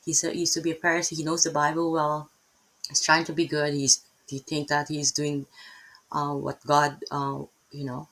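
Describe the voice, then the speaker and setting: Low husky woman teaching the Bible. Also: a bit bright, low-quality recording. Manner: rambling, many ums and tag questions.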